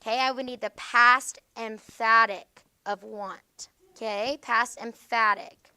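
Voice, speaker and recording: A woman teacher with a fairly high, bright, forceful voice walks students through grammar. She is patient and explanatory, and she keeps checking their understanding with a quick "okay?". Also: steady tone, smooth. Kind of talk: classroom grammar lesson.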